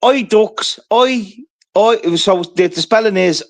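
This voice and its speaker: Rambling, cursing man, slightly high voice. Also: big pitch swings, normal speed. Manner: rambling, profane storytelling with constant "right?". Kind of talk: casual chat.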